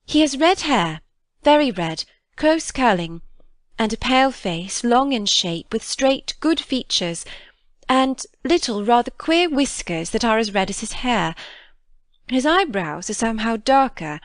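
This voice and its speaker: An intense young governess lays out her account urgently, stroke by stroke, as a woman reads her lines. The telling is unhurried, and her pitch moves a lot, recorded close and dry. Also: lively intonation, dry recording. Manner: urgent, vivid describing. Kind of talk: audiobook reading.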